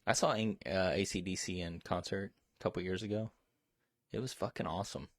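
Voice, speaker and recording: A man co-hosting a casual chat, rambling, profane and quick to get excited. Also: deep voice, no echo, studio quality. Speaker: co-host.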